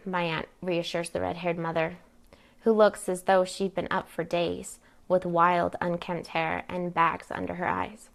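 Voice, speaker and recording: Gravelly woman reading her story. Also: fairly low pitch, fairly even intonation. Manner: measured, plain narration with occasional slips. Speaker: author reading her novel. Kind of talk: live first-person story reading.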